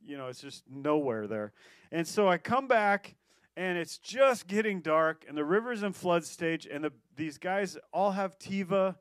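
A man with a high voice preaches a sermon and tells his story with energy, stumbling over his words and pushing on. The sound is dry and close, with no room around it. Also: dry recording. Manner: storytelling, animated, quick restarts and laughs. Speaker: pastor.

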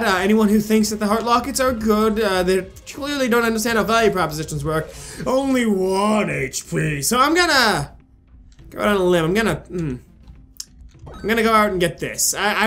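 A man commentating his own gameplay, frustrated and swearing, with sudden yelling outbursts. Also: high-pitched. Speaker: gaming video creator. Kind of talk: casual let's play commentary. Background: game music.

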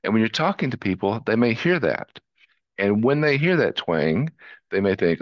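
Low-voiced man with a Southern twang. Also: sing-song, measured pace, no echo, highs cut off. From southern United States. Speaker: podcast guest. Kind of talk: interview conversation.

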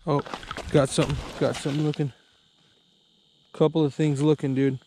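Excitable young man fishing on ice. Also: fairly high pitch, moderate pace, a little hiss or hum. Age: 20s. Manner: excitable, says "dude" constantly. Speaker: fishing vlogger. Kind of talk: excited outdoor vlog commentary. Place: outdoors on a frozen lake.

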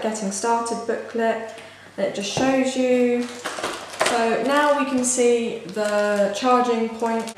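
A young woman vlogging casually as she unboxes something, excitable and gushing, with lots of "like" fillers. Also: a little high. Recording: very echoey room, faint hiss.

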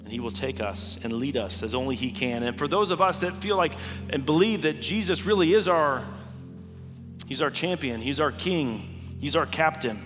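A man preaching a sermon as pastor, earnest and measured, slowing down with emphatic pauses. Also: on the high side. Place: large church sanctuary. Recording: long hall reverb with music underneath.

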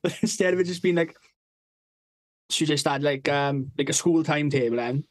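A man's voice: on the high side, normal speed, no room sound, studio quality. Giggly, sweary young man. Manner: sweary, giggling, acts out quotes. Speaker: podcast co-host. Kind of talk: casual storytelling chat.

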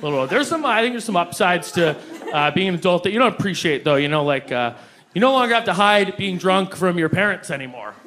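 A young man doing a stand-up comedy set, animated and breaking into acted voices for the people in his stories. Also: brisk. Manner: animated, jumps into high-pitched acted voices for quoted people. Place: comedy club stage before a live audience. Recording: live club recording with loud crowd and noise. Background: audience laughter.

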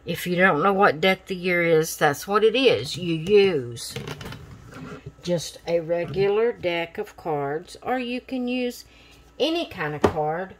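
Slow, tired-sounding woman vlogger. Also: fairly low pitch, animated, background noise. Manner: unhurried, chatty and rambling. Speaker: craft channel host. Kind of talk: casual craft vlog chat.

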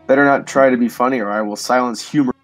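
Cocky cartoon cat dude, hammy deadpan, a guy doing it. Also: medium pitch, quick pace, soft background music, natural voice. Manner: flat, mock-serious hammy delivery. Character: cocky swaggering cartoon cat hero, male.

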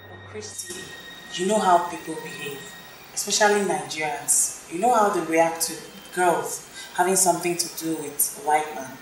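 A woman playing a hurt young woman who speaks hesitantly and quietly. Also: deep voice, moderate pace, a little hiss or hum, lightly acted. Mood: pleading. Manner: hesitant, subdued. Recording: roomy, music underneath.

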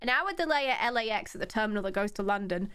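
A young woman streamer doing casual reaction commentary, excitable, laughing often and swearing freely. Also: mid-range voice, fast talker.

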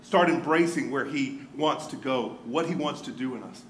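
A man preaching a sermon as pastor, earnest, dropping to a hush and then rising to emphasis. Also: mid-range voice, normal speed, slight background noise. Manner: earnest, swings from hushed to emphatic. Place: church sanctuary. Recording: roomy church hall.

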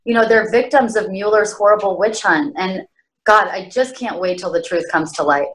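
A woman's voice: mid-range voice, normal speed, fairly bright tone, low-quality recording. A woman co-hosting a casual panel chat, talking in an earnest, enthusiastic way. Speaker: co-host.

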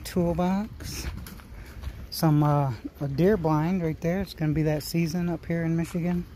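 A man's voice: fairly high pitch, steady tone, a little slow, warm tone, slight background noise. Chatty man touring an auction yard. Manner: chatty, musing aloud, playful asides. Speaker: small-engine flipping channel host. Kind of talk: casual walkaround commentary. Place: outdoor equipment auction yard.

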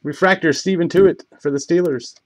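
A man calls out trading card pulls one after another during a live break, his voice sitting slightly high. He moves through the names at a steady clip and sometimes stumbles over one. A faint hiss and soft keyboard clicks sit under the recording. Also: rough recording. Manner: rapid list-reading, stumbles over names; bursts of excitement on big pulls.

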